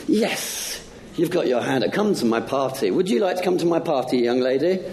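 A man's voice: fairly high pitch, vocal fry, a little mellow, a little hiss or hum. A man giving a playful talk to children during a church service, asking them many questions. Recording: echoey church hall.

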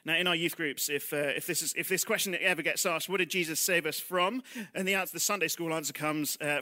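A man's voice: fairly high pitch, fast talker, sharp tone. A man preaching a sermon in church, talking conversationally with rhetorical questions and self-deprecating asides, dropping almost to a whisper on heavy lines.

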